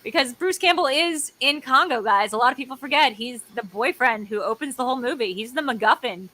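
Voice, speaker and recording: A woman co-hosting a casual chat over a video call, talking in an excitable, jokey and rambling way. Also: a little high, fast. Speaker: co-host.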